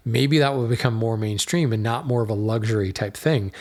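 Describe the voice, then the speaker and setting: A man's voice: medium pitch, fairly quick, darkish tone. Chatty man talking about lumber. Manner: conversational, many fillers and restarts. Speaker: podcast host; hardwood dealer. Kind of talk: casual solo talk.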